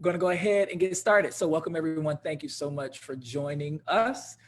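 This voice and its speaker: Young man, livestream host, upbeat shout-outs, slightly high voice, faint hiss under the stream mic. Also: fairly quick. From Michigan. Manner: energetic, shouting out viewers by name and city. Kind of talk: casual livestream welcome.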